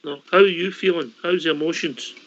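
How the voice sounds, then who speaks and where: Hosting a relaxed online call-in show, a Scotsman speaks fairly quickly with fairly even intonation, his voice a touch high and a bit bright. His chatty style includes aye and wee, and the sound is slightly dull, typical of an online call.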